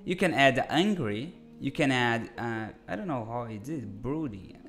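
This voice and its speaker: A man hosts a casual live-stream design lesson from a home desk. He talks in a chatty, friendly way, restarting his sentences and calling viewers "my friend". Soft music plays faintly underneath. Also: medium pitch, animated, measured pace.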